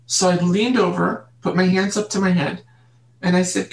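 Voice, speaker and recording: A woman guest in an interview, telling her childhood story in an earnest, halting way and repeating words. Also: fairly low pitch, fairly even intonation, gravelly. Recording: roomy echo.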